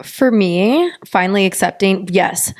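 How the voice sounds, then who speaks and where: A woman co-hosting a podcast in casual chat, emphatic and animated, swearing freely. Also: mid-range voice, a little slow. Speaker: podcast co-host.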